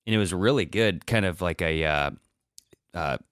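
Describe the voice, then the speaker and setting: A man's voice: low voice, moderate pace, a bit bright, clear, resonant tone, no room sound, studio quality. A man telling a long, rambling story in casual podcast chat, with lots of fillers and restarts.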